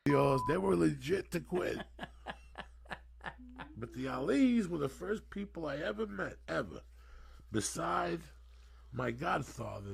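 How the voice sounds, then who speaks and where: Man, sixties, podcast guest, profane rambling storyteller, husky, gravelly. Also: medium pitch. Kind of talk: casual storytelling.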